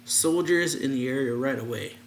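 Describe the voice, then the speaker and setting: Stubborn teen girl on a mission, read by a man, mid pitch. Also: moderate pace, slight background noise, close to an everyday voice. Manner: read aloud, a little higher and louder. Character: stubborn determined teenage girl.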